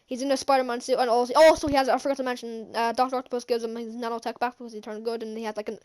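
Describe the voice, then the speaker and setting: High-voiced gushing woman recapping a film. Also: fairly even intonation, racing, a little mellow. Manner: gushing, rambling, many fillers and restarts. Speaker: vlogger. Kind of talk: excited movie recap.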